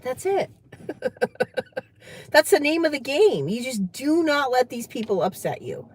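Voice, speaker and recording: Brief: New woman hosting an advice vlog, animated and fairly high, emphatic and repetitive. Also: unhurried, breathy edge, low-quality recording. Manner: chatty, emphatic, repeats herself. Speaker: channel host giving advice.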